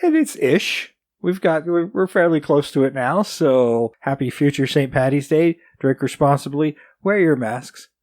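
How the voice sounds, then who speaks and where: A man's voice: fairly high pitch, measured pace, few pauses, darkish tone, no room sound, studio quality. A man hosting a podcast in casual chat, joking and chuckling often. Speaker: podcast host.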